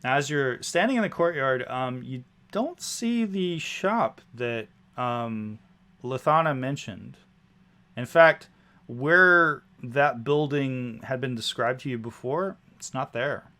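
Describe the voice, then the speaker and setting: A man's voice: mid-range voice, slow pace, pushed and bright. Man narrating as game master. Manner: descriptive, with fillers like "sort of".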